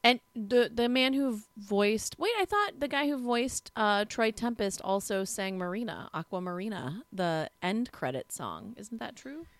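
A woman's voice: mid-range voice, measured pace, few pauses, no room sound. Chatty woman co-hosting a podcast, dry sound. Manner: chatty, expressive, trails off and restarts. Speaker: podcast co-host. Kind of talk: casual chat.

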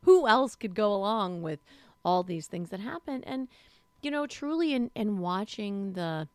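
A woman's voice: medium pitch, expressive, unhurried, a little mellow, no room sound. A woman co-hosting a film podcast, talking casually and rambling with plenty of fillers. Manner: chatty, rambling, lots of fillers. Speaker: podcast co-host.

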